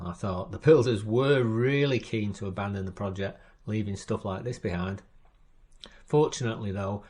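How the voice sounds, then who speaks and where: A man narrating a first-person crime story in a measured, wry reading style. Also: on the low side, a little mellow. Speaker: story reader.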